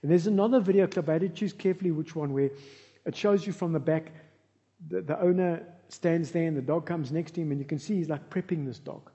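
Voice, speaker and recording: A man preaching a sermon as pastor, telling lively stories with humorous asides. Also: on the high side, fairly quick. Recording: reverberant hall, dull lo-fi sound.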